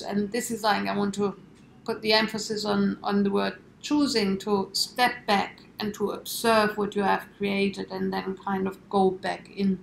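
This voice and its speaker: A woman's voice: medium pitch, level tone, a little slow, vocal fry, reverberant, a little hiss or hum. A woman guest in a conversational interview, explaining her ideas in a reflective way with lots of imagery.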